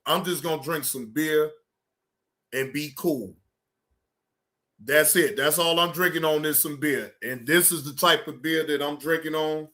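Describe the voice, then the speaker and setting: Heated, profane man ranting on stream. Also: fairly high pitch. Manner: heated, repetitive, keeps telling himself to calm down. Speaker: livestream reaction host. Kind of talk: profane livestream rant.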